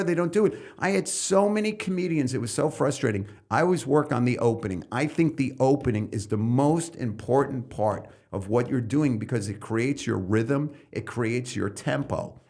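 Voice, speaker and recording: Middle-aged male stand-up from New York City, guest spot, conversational, average pitch, riffs into loud bits. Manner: animated, riffs into loud comic bits mid-thought. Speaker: stand-up comedian and comedy coach, podcast guest. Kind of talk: loose conversational interview talk.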